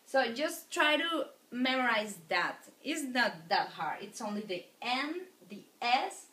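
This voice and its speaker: A woman teaching a language lecture in a slow, unhurried way, repeating each word so students can follow. Her voice is bright and a little high, and it echoes around the room. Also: very animated. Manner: patient, repeats words for students. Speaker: Spanish teacher. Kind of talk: recorded classroom lecture.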